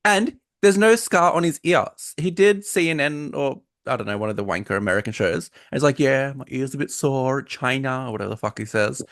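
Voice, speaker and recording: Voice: medium pitch, quick pace, few pauses, dry recording, clean studio sound. A podcast co-host with an Australian accent in casual chat, cheeky and sarcastic.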